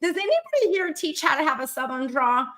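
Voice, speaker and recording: A woman from the American South hosting a casual live-stream chat as a business coach, talking in an animated way with many fillers. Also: sits high, a little fast. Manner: chatty, animated, frequent fillers and laughs. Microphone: studio live-stream mic.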